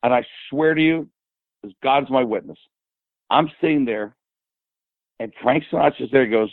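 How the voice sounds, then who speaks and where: An older man as a podcast guest, rambling and animated as he tells stories and quotes people. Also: mid-range voice, a little fast, pauses often, no echo. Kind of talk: casual storytelling. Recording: tinny phone-like line.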